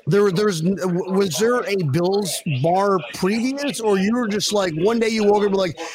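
A man's voice: high-pitched, fairly even intonation, normal speed, crowd noise, poor audio. A young man hosting a casual podcast chat, joking around, laughing easily and swearing casually. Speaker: podcast host.

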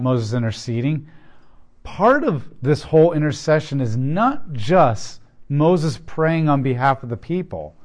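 A man giving a conversational Bible teaching, explaining the text plainly with casual asides and rhetorical questions. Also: medium pitch.

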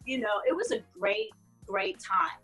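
A woman in her forties, an actress being interviewed, telling stories about her career in a relaxed, chatty way and laughing often. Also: very high-pitched, a little slow, vocal fry, faint music behind. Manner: laughs often, animated storytelling. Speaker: guest actress. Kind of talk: casual interview chat.

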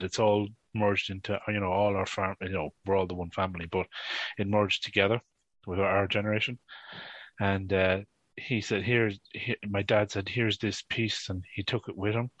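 A man's voice: low voice, a bit bright, no echo. A man with an Irish accent, a podcast guest chatting casually and telling rambling stories with frequent laughter. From northwest Ireland. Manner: rambling storyteller, laughs often. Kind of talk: casual chat. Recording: dull, dry lo-fi sound.

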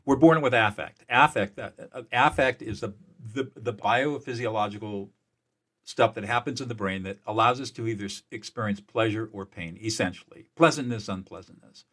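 Man, fairly low voice, mediator, interview guest, emphatic, energetic, stumbles and repeats words. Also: normal speed. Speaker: mediator and peacemaker. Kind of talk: explaining in an interview.

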